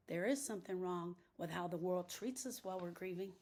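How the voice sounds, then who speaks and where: A middle-aged woman giving an impassioned grief-coaching talk, repeating phrases for emphasis and swinging between hushed and loud lines. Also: on the low side, normal speed, hardly any pauses. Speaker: grief coach and podcast host.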